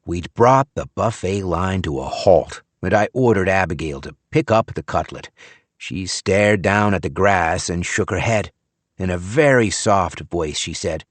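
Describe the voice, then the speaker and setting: A man narrating a first-person audiobook thriller in a wry, expressive manner on a close studio mic. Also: low voice, no echo.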